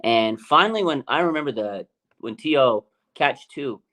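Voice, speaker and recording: A man hosting a casual sports chat, telling stories in an excitable, emphatic way. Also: medium pitch, moderate pace. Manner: excitable storyteller, animated and emphatic. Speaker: podcast host.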